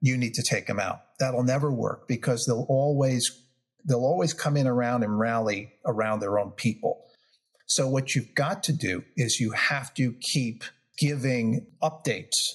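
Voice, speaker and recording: A gravelly, husky-voiced man in his fifties with a New York accent tells stories from his career as an interview guest. He acts out what people said as he goes, and his pitch sits in the middle. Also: moderate pace. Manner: animated storyteller, acts out quotes. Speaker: guest negotiator. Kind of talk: storytelling interview.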